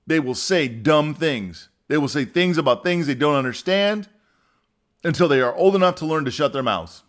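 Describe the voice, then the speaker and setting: A man hosting a solo podcast, talking earnestly and emphatically, often repeating himself and dropping from forceful to quiet. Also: medium pitch. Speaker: podcast host. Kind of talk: solo opinion monologue.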